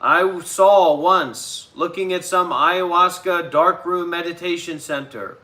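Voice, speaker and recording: Brief: male live-stream host, combative rant, high and very bright voice. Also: slow pace. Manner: combative, ranting. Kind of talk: ranting live stream talk.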